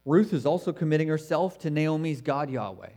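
A man preaching an expository sermon in a conversational way, swinging between emphatic stresses and hushed, quiet asides. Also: a little high, lively intonation, a little fast, gravelly. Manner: conversational, with fillers and self-corrections.

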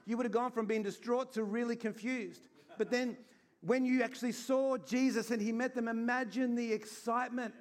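Pastor, male, high voice, earnest conversational sermon delivery. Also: steady tone, brisk. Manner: earnest, conversational preaching with acted-out asides. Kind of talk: Easter sermon.

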